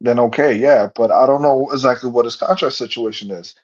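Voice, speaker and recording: A man's voice: mid-range voice, brisk, darkish tone. A man chatting casually on a podcast, rambling with slang and lots of restarts. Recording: slightly dull sound.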